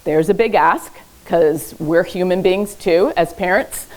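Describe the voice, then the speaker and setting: A woman's voice: lowish voice, measured pace, a little mellow, poor audio. A woman therapist giving a casual parenting talk at a library event. She speaks conversationally, keeps checking in with the audience with "okay?", and adds light humor. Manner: uses light humor while teaching. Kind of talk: informal educational presentation. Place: public library event room.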